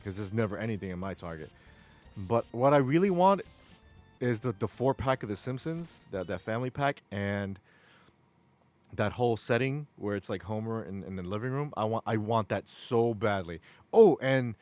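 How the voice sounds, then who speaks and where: Rambling, excitable male streamer. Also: medium pitch, no room sound. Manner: rambling, enthusiastic, repeats words. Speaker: stream host. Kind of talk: casual live-stream chat.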